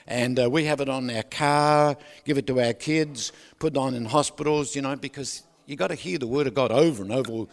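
A man preaches a sermon in a loud, animated way, repeatedly seeking the crowd's agreement and slipping in joking asides with laughter. His voice is medium-pitched and fairly quick, with few pauses, and the recording carries a long hall reverb.

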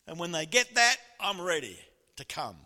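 A man's voice: high-pitched, sing-song, moderate pace, voice pushed up, full character voice. A man voicing God as an amused, fatherly figure who teases and praises, in an echoey hall. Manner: playful, teasing, warmly approving.

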